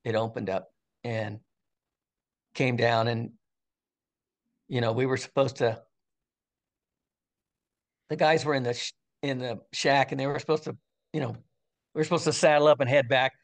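A man's voice: medium pitch, fairly even intonation, normal speed, long pauses. An older man, an interview guest, telling a story in a casual, rambling way, full of fillers and restarts.

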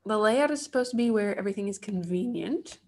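A woman's voice: medium pitch, lively intonation, fast talker, darkish tone, a little hiss or hum. A woman, likely in her thirties, giving casual let's play commentary, talking to herself with wry asides as she builds. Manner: chatty, wry self-talk while building. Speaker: gaming channel host.

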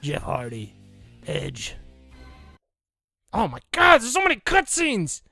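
A high, lively young man gives jokey commentary over a video game, his voice gravelly and sharp. He keeps breaking into mock announcer shouts. The recording is dry and close, with faint game music underneath. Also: takes it slowly, no echo. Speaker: let's play gamer.

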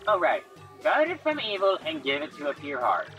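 A woman's voice: sits low, huge pitch swings, normal speed, faint music behind, full character voice. A woman voicing a cranky old female creature elder who scolds and barks orders. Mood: musing. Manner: bossy, scolding, shouting orders.

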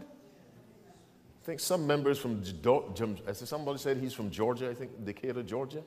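A male pastor preaching a sermon, asking the congregation to answer back and swinging between quiet asides and loud proclamation. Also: mid-range voice, normal speed, long reverb tail.

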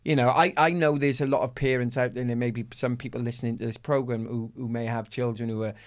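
A middle-aged Welsh man, an athlete guest in an interview, telling a personal story in an animated way and acting out the voices he quotes. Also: medium pitch, quick pace. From Wales.

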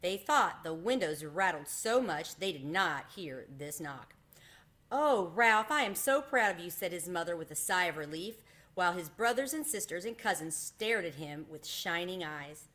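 A woman's voice: lowish voice, lively intonation, moderate pace, fairly bright tone. A woman hosting a read-aloud series, reading a children's chapter book expressively.

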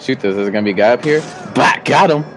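A man's voice: mid-range voice, animated, fast talker, music in the background. A young man and regular co-host who swears casually and calls out directions to his partner as they play. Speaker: gaming channel co-host. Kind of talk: casual gameplay banter.

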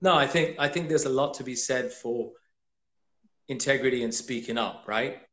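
A man's voice: medium pitch, moderate pace, a bit bright. A man co-hosting a casual motivational chat, speaking in an emphatic, rousing way. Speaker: co-host, retreat leader.

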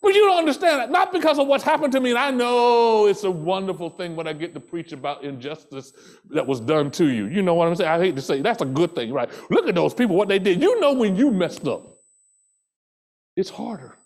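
A man preaching a sermon as pastor, impassioned, shouting some phrases and dropping soft on others, repeating rhythmic refrains. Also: high voice, animated, a little fast.

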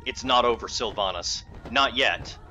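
A proud, defiant war lord. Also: male voice, mid-range voice, unhurried, bright, forceful tone, highs cut off, soft background music. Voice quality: stern, defiant. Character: defiant noble war leader, proud and grieving. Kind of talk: video game voice acting.

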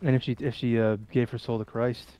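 A young man playing a game with a friend, teasing and trolling him in a deadpan way. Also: medium pitch, fairly quick. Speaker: co-op gaming guest. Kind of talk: casual co-op gameplay banter.

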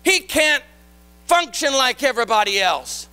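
Man, pastor, sermon, very high voice, bright, storytelling turning into shouted preaching. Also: big pitch swings, a little slow, clean tone, no room sound.

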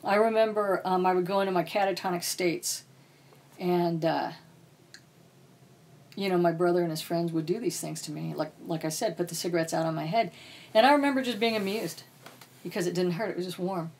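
A woman's voice: on the low side, fairly quick, darkish tone. A woman author as a podcast guest, speaking bluntly and profanely about painful experiences. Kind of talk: candid podcast interview.

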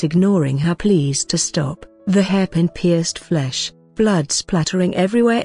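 A woman reading a story recap as scripted narration, in a flat reading style that says speaker tags aloud. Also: fairly low pitch, breathy edge.

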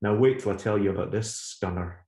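A man's voice: lowish voice, fairly quick, dark tone, lightly acted. A man voicing a bitter, drunk older woman who hisses and curses down the phone in a roomy recording. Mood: venomous. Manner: hissing, cursing, menacing. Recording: roomy echo.

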